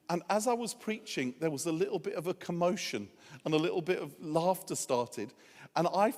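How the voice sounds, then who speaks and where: High-voiced male preacher in reverberant hall. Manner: humorous storytelling turning earnest. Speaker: guest preacher. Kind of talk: sermon. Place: church hall.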